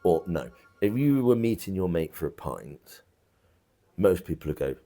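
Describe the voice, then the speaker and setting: This is a pub landlord chatting in an interview. His voice sits low and has a gravelly edge. He talks bluntly and loosely, full of restarts and asides. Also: sing-song, normal speed, dark tone, soft background music. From England. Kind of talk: casual interview chat. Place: country pub bar.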